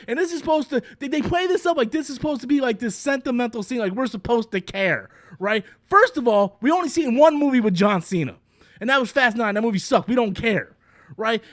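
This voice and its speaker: A man with a strikingly high voice tears into a film in a sarcastic, profane rant. He sounds fed up and mocking as he reviews it. The sound is dry and close, with no room echo. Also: a bit bright. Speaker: movie reviewer. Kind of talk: ranting movie review.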